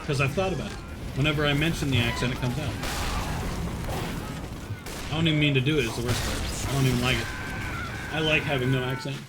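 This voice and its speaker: A man's voice: mid-range voice, fairly even intonation, fast, pauses often, heavy background noise. A young man from northern Alabama with a faint Southern US accent, chatting casually with his viewers and laughing often as he streams a game. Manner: chatty, laughs often, answers chat between plays. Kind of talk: casual live-stream chat while gaming.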